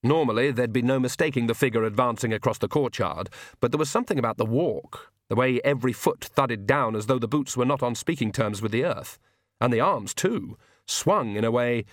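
A man reading an audiobook in a measured, wry tone. His mid-pitched voice is recorded close and dry, with no room sound. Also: dry recording. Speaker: audiobook narrator. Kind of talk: scripted narration.

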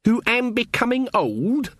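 A man reading an audiobook voices a fierce, proud old witch woman with a croaking, scornful, deliberate delivery. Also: extremely high pitch, very animated, a bit bright, no echo, studio quality, voice pushed up, full character voice. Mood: defiant scorn. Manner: defiant, scornful, slow and deliberate. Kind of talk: audiobook character voice.

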